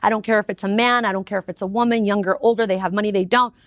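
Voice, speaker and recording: A woman talking as a guest in a casual interview, with upbeat and expressive storytelling. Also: mid-range voice, rapid-fire, no room sound, studio quality. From United States. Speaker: podcast guest.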